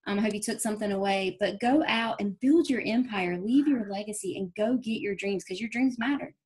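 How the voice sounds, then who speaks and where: A woman's voice: medium pitch, a little mellow. A woman giving an earnest, folksy motivational talk on a team training call. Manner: folksy, earnest, fast-moving pep talk. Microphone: phone or call audio.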